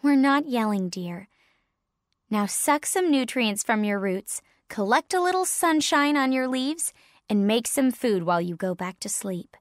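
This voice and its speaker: A woman's voice: on the high side, animated, measured pace, dry recording, studio quality. A woman voicing a fussy mother pine tree with prim, old-fashioned genteel phrasing.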